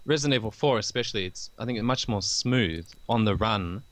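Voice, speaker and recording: Low-voiced man giving plain opinions. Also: animated, a little fast, a bit bright, no echo. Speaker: podcast co-host. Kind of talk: casual chat.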